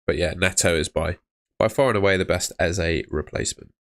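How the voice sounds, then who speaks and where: A man's voice: deep voice, a little fast, fairly bright tone. A man hosting a casual live stream, chatting upbeat with viewers and greeting them by name. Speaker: livestream host.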